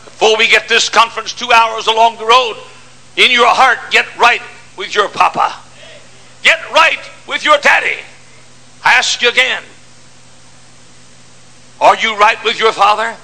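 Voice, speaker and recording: An older man preaching a sermon, swinging from shouts to hushed storytelling. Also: extremely high pitch, measured pace, gravelly, long pauses, rough recording.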